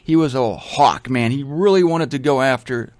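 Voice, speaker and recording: A man's voice: mid-range voice, normal speed, a little mellow, no room sound. A man teaching from the Bible in a casual, conversational way, with joking asides. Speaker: preacher.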